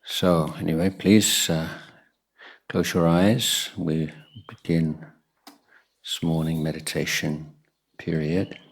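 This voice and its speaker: A man, a Buddhist monk, giving a guided meditation talk at a retreat, pausing often with soft fillers. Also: a bass voice, flat delivery, creaky.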